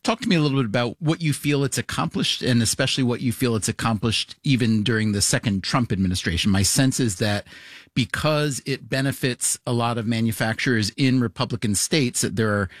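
A man hosting an interview, asking measured, curious questions. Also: mid-range voice, dry recording, clean studio sound. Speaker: interviewer, host.

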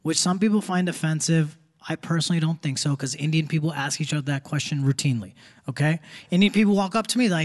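A young man in his twenties performing a live stand-up set, with quick conversational punchlines. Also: fairly high pitch. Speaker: stand-up comedian. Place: theater stage with live audience. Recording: live audience laughter, faint crowd noise.

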